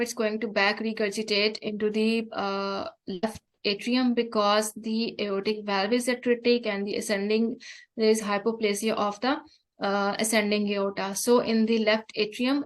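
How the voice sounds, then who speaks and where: A woman giving an online medical lecture, speaking haltingly with frequent fillers and restarts. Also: medium pitch, rough recording. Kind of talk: online exam-prep lecture.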